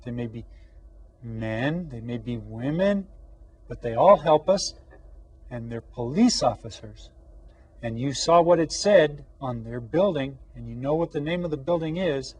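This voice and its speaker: A man teaching children an elementary Spanish lesson, patient and questioning, drawing out each new word slowly and asking the class to repeat. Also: medium pitch, expressive, darkish tone, slightly rough. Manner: asks questions and pauses for answers.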